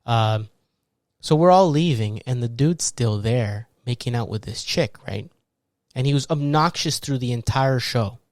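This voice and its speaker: A man hosting a podcast, telling a long, animated story in a casual way and acting out the people in it with laughs and shouts. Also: medium pitch, measured pace, no room sound, studio quality. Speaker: podcast host.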